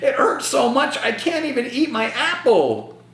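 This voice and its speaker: A man doing a shrill yelling little boy. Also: huge pitch swings, measured pace, creaky, full character voice. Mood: pained, yelling. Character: young boy yelling over a painful loose tooth. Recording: echoey room.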